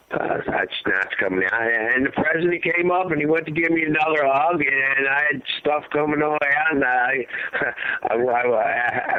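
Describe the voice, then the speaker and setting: A man tells his story down a tinny phone line, with a dry, close sound. He is a grieving father and talks in an impassioned, rambling way. His voice sinks low and heavy when the memories get hard. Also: no room sound. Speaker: guest, father of a fallen soldier. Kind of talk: emotional storytelling interview. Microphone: phone call.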